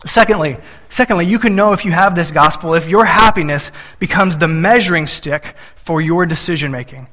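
A man's voice: a little high, fairly quick, sharp tone, big-room sound. A man in his thirties preaching a sermon, telling family stories and acting out little voices when he quotes his son and wife. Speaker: pastor.

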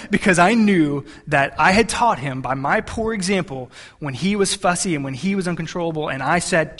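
A man's voice: fairly high pitch, moderate pace, few pauses, a bit bright. A man in his thirties, a pastor delivering a sermon in an earnest, conversational way with frequent restarts.

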